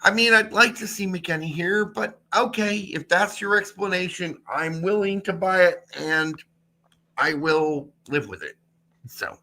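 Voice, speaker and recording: Co-host: man with a high, bright voice, dry and sarcastic, swears freely. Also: unhurried. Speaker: podcast co-host. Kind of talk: casual soccer chat.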